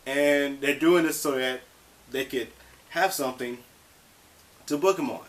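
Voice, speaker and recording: A man's voice: mid-range voice, a little slow, rough recording. A man presenting a vlog, commenting in an indignant, impassioned way and swearing now and then. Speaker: vlogger.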